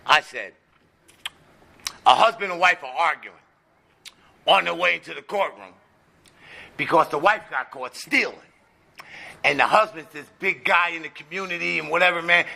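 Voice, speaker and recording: Bright-voiced man telling his story. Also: fairly high pitch, vocal fry. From United States. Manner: storytelling, punctuated with "right?". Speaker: recovery meeting speaker. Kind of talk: personal testimony with jokes.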